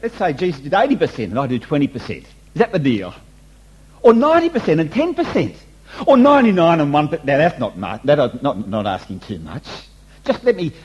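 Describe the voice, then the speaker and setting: A man's voice: on the high side, a little mellow, husky, rough recording. A man preaching a sermon, emphatic and repetitive, asking the congregation rhetorical questions. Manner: emphatic, repeats and restates points, rhetorical questions.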